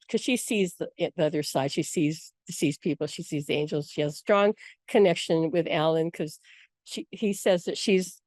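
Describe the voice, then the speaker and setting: A woman spiritual teacher talking casually through a workshop session, telling stories with frequent laughs and quick asides. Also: lowish voice, a little mellow, no room sound, clean studio sound. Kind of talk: casual storytelling talk with viewer questions.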